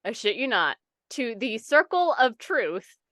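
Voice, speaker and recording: A young adult woman co-hosting a podcast in casual chat, animated and swearing, acting out people's reactions. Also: fairly high pitch, unhurried, dry recording, clean studio sound. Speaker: podcast co-host.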